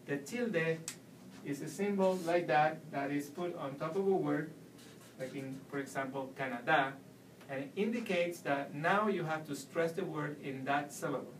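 A man teaching a lesson, recorded from a few feet away in a bare room that rings with echo. His voice sits a little high. He explains step by step and repeats each example. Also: moderate pace, a little hiss or hum. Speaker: Spanish teacher. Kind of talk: video language lesson. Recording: echoey room, mic at a distance.

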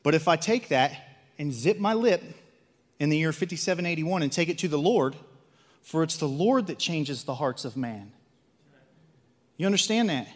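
A man with a Midwestern American accent preaching a sermon, swinging between loud zealous outbursts and hushed asides, full of rhetorical questions and repetition. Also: on the high side, lively intonation, normal speed, pauses often, long reverb tail. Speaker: lay preacher. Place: church sanctuary.

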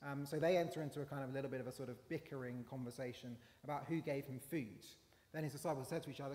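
A man's voice: mid-range voice, racing, a little mellow. A man preaching a conversational sermon, with fillers and rising emphasis. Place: church. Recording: long church hall reverb.

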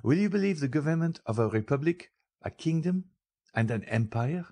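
A man voicing an earnest young male journalist in an audiobook, speaking in a measured, solemn way. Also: a little high, lively intonation, pitched above the performer's own voice. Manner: measured and solemn, gently explaining. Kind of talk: audiobook character reading.

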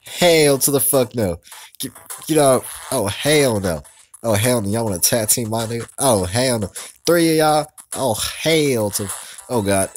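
Slow-talking man trash-talking a game. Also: mid-range voice. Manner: loud and excitable, trash-talking the screen. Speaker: let's play gamer. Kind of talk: profane gameplay commentary.

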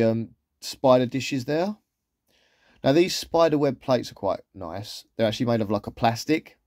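Male vlogger, easygoing and rambling, mellow voice, dry close sound. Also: medium pitch, no room sound. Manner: chatty, rambling, with trailing asides. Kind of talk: casual shopping haul commentary.

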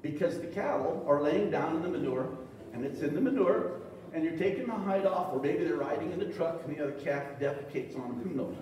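A man with a slightly high, darkish voice and lively intonation talks fairly quickly over a bit of hiss or hum. He's an extension-talk presenter, joking folksily and acting out quotes before a live audience in a large echoey hall picked up from far away.

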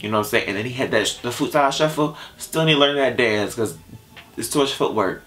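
Young adult male vlogger, casual reactor, slangy and animated, mid-pitched voice. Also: quick pace, slight background noise. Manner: animated, slangy, talks straight to viewers. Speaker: YouTube music reactor.

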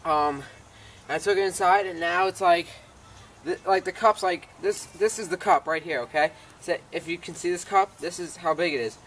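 A man's voice: sits high, normal speed, a bit bright, a little hiss or hum, rough recording. Tired rambling man in a garden. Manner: rambling, self-interrupting, talks to his dog. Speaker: home gardener. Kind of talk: casual rambling vlog. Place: outdoor garden.

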